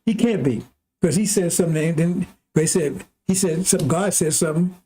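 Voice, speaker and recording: A man's voice: fairly high pitch, fairly quick, slightly rough. A man preaching in a rambling, conversational way, now and then acting out heated arguments in a raised voice. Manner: animated, acts out arguments with God in a raised voice. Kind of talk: rambling sermon.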